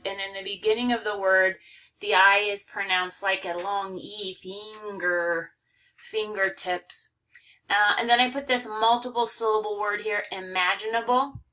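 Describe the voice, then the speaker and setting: A woman walks through a phonics lesson at a slow, unhurried pace, sounding out each example word with exaggerated care. Her voice has a bright, clear edge. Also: medium pitch. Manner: slow, careful, overpronouncing example words. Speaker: teacher.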